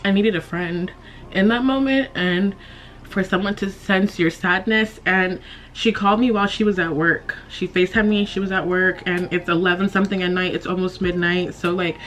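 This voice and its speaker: In a casual get-ready-with-me chat, a young woman beauty vlogger applies makeup while holding back tears, sighing and laughing nervously. Her fairly low, bright-toned voice moves little in pitch, and she speaks at normal speed.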